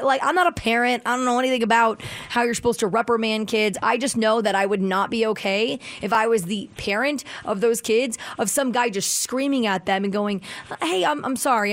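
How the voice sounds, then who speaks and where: A woman's voice: fairly high pitch, no room sound. Chatty female radio co-host. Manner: opinionated, chatty, frequent "like". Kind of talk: morning radio banter.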